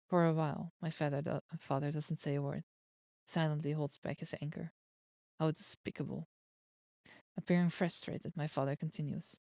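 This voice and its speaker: A woman's voice: low voice, moderate pace, no room sound, clean studio sound. Young woman streamer reading a story game. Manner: reads the text in a steady voice, breaking off into excited outbursts. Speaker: virtual streamer. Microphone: streaming mic. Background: soft game music.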